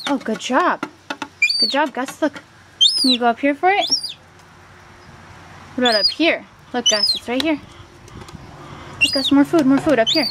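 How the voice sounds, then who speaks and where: A woman's voice: high voice, very animated, moderate pace, pauses often. Sing-song woman baby-talking a pet. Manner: coaxing, sing-song, cheering on. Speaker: pet owner filming her seagull chick. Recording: loud background noise and bird chirps.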